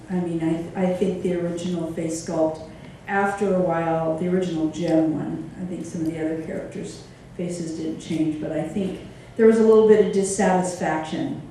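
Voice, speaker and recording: A woman panel guest answering a question in a thoughtful, measured way. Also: on the low side, dark tone, slight background noise. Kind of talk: reflective answer. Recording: distant and echoey.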